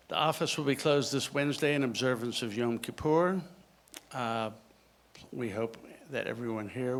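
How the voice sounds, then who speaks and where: A man's voice: mid-range voice, a little hiss or hum. A man, the congregation president, reading announcements plainly in a synagogue. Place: synagogue sanctuary.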